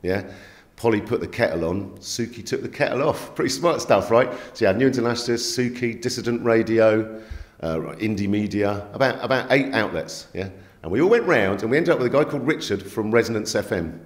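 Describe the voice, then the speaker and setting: A magazine editor tells stories in an animated interview, his fairly low voice moving a little fast. He's emphatic and streetwise, often checking in with "yeah?" and "right?", and the room sounds echoey.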